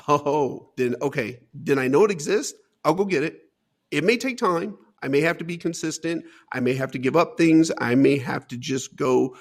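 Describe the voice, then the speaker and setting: A man as an interview guest, earnestly recounting his life story with emphatic repetition. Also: mid-range voice.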